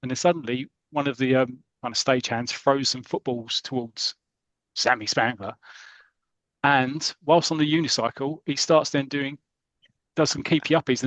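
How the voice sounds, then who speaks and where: A man's voice: medium pitch, dry recording, rough recording. A man hosting a podcast, retelling a comic story in casual chat and acting out the characters' lines. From England. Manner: animated storytelling, acting out quotes. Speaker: podcast host.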